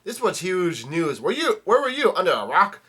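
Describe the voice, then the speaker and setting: A man voicing a sarcastic young pirate from a comic, reading the lines in a high, mocking way. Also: huge pitch swings, moderate pace, bright, forceful tone, husky, exaggerated voice.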